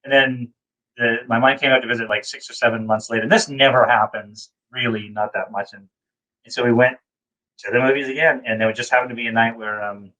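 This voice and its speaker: A man's voice: steady tone, brisk, pushed and bright, low-quality recording. Rambling man from New England. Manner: rambling storyteller, acts out quotes in a high voice. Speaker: co-host. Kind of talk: casual chat, anecdote telling.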